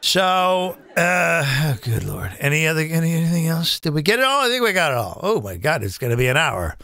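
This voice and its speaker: A male comedian hosting a live show, ranting about politics in a profane, animated way and calling viewers "folks.". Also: fairly high pitch, a little fast, gravelly. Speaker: comedian host.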